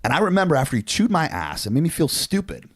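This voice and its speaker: A man in his forties, co-hosting a podcast, telling a story in a casual, animated way with lots of swearing and fillers. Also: fairly high pitch, quick pace, husky, no room sound, studio quality. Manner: animated, profane, frequent fillers. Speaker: podcast co-host.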